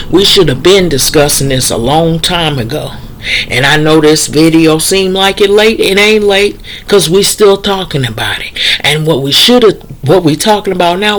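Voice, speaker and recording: Blunt, impassioned woman vlogger. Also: low-pitched. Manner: blunt, impassioned, plainspoken with slang. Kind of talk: opinion vlog commentary.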